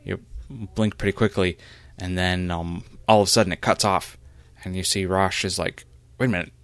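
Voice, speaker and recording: A man narrating a role-play as game master, halting with many fillers. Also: low voice, fairly even intonation, a bit bright, no echo.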